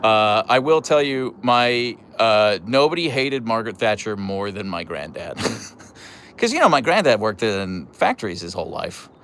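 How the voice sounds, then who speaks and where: A man's voice: on the low side, big pitch swings, measured pace, a bit bright, slight background noise. A man hosting a casual live stream, reading viewer messages and rambling through asides and restarts. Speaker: livestream host.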